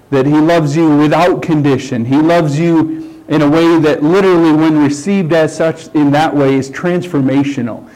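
A man's voice: fairly high pitch, a little mellow, rough recording. A middle-aged man preaching a conversational sermon, checking in with "okay" and "right?" as he explains. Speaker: pastor.

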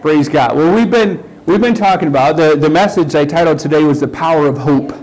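A man's voice: on the high side, brisk, darkish tone, rough recording. A middle-aged man preaching a conversational sermon, checking in with "okay" and "right?" as he explains. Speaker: pastor.

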